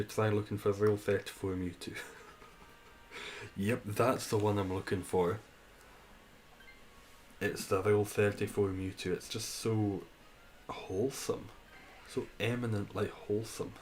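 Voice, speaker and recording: Low-voiced man chatting on stream. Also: level tone, moderate pace, pauses often, darkish tone, rough recording. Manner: chatty, reads and answers chat, laughs often. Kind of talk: casual live-stream chat.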